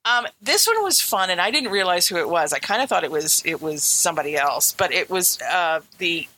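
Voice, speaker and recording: Bright-voiced chatty woman. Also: fairly low pitch, animated, fairly quick, low-quality recording. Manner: chatty, enthusiastic, repeats herself. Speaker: podcast co-host. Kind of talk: casual movie chat.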